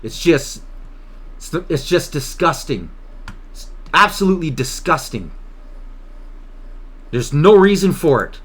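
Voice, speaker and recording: A Canadian man hosts his own political vlog, speaking slowly with long pauses in a slightly high voice that swings widely in pitch. He's worked up and emotional, agitated and impassioned, repeating himself.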